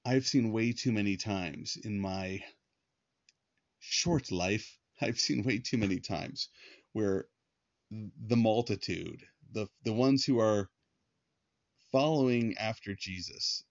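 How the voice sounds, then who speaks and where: Male podcast host, fairly low voice, relaxed Bible teaching; dull, dry, lo-fi recording. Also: slow, no echo. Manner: conversational, with frequent fillers and restarts.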